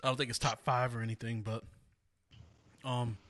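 A man's voice: medium pitch, level tone, normal speed, fairly bright tone, no room sound, clean studio sound. A young man co-hosting a podcast, rambling and playful with lots of laughs. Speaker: podcast co-host. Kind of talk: casual chat.

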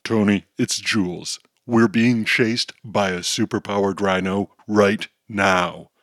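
A man's voice: lowish voice, fairly even intonation, takes it slowly, a bit bright, no room sound, clean studio sound. A man voicing a tense, skeptical young sidekick who talks bluntly.

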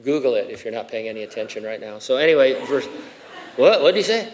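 A middle-aged male pastor delivers an expository sermon in a conversational way, full of asides and rhetorical questions. His voice sits at a middle pitch for a man. He raises his voice with emphasis whenever he reads scripture aloud. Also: animated, fast.

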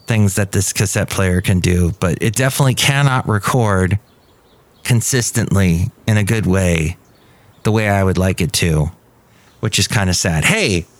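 Man, podcast host, casual rambling talk, wry humor, lowish voice. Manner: chatty, wry, self-mocking.

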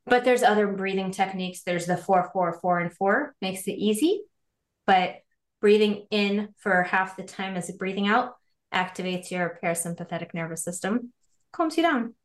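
A woman guest coach in an animated podcast interview, laughing often and acting out little quoted voices. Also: medium pitch, moderate pace. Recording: roomy echo.

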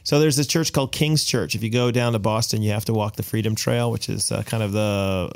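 A man on a podcast, casually recounting travel stories with animated delivery. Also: lowish voice, dry recording. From United States. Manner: animated storyteller, voices quoted people. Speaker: podcast co-host. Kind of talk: casual chat, storytelling.

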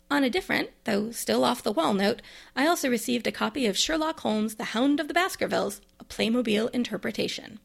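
A woman with a gravelly, husky voice, pitched a bit high for her sex. She talks through new books in a chatty, enthusiastic way, like a librarian sharing favorites. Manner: chatty, enthusiastic, bookish asides. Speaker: librarian and podcast host. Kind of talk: casual book review monologue.

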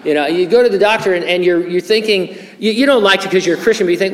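A high-pitched man talks quickly with barely a pause, and a long reverb tail trails his words. He is an older pastor delivering a conversational sermon of Bible teaching, peppered with fillers, restarts and dry humor.

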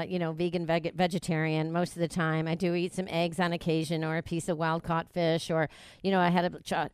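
Lady talk show host, kinda low voice, rambly, lots of uh and you know. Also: smooth, dry recording. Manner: chatty, restarts and fillers, laughs easily. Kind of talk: casual talk show chat.

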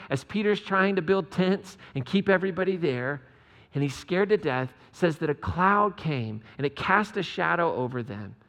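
A man preaches a relaxed, joking sermon with a slightly high, gravelly voice. His talk carries a long reverb from the church sanctuary. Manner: humorous, chatty asides to the congregation. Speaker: pastor. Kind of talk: conversational sermon.

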